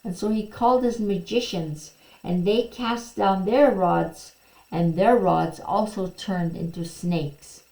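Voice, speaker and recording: A woman teaches a children's Bible lesson, reading the story gently and at a very unhurried pace. Her voice sits at an ordinary middle pitch. The room around her rings with a noticeable echo. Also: creaky. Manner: slow, gentle storytelling, quoting figures with a bit more lift. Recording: echoey room.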